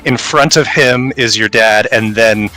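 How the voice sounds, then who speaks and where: A man's voice: medium pitch, a little slow, sharp tone, low-quality recording. A man running a tabletop role-playing game, narrating a tense scene in vivid second-person storytelling. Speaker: game master.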